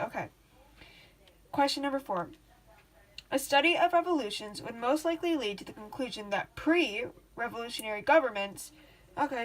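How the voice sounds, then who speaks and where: A woman walking through practice exam questions in a casual, rambling way, gushing with excitement and dropping slang and swears. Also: high-pitched. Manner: chatty, rambling with restarts. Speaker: student tutor. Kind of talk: casual study-guide talk.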